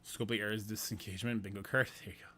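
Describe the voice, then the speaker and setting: A man's voice: fairly low pitch, fairly even intonation, very fast, bright, forceful tone. A man streaming a game, out of breath, chatting casually and thinking aloud with self-deprecating asides. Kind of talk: casual live-stream commentary.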